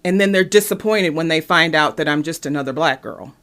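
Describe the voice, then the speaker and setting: A young woman from East Cleveland, Ohio, hosting a podcast and telling personal stories in an animated, emphatic way. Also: a little fast. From East Cleveland, Ohio, USA. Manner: animated storytelling, sharp pitch jumps when emphatic. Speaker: podcast host. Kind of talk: personal commentary monologue.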